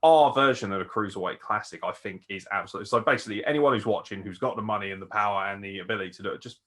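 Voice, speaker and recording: Bright, eager male podcast host. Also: lowish voice, rapid-fire. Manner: enthusiastic, chatty, swears casually. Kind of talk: casual interview chat.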